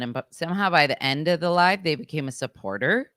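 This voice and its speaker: A woman co-hosting a podcast who teases her friend and reacts with quick interjections. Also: very deep voice, animated, fairly bright tone, no room sound, studio quality. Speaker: podcast co-host. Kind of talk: casual chat.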